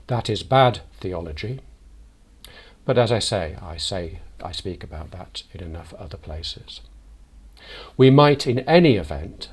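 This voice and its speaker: Deep husky-voiced priest. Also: male voice. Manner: measured, thoughtful, deliberate delivery. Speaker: parish priest. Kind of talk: reflective sermon.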